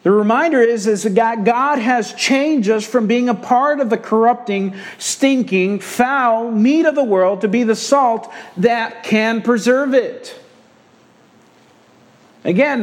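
A man's voice: extremely high pitch, unhurried. A male pastor preaching a sermon, emphatic and repeating his key phrases for weight.

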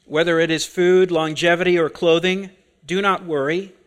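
A man preaching an expository sermon, deliberate and full of rhetorical questions. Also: a little high, fairly even intonation, fairly bright tone, clean tone.

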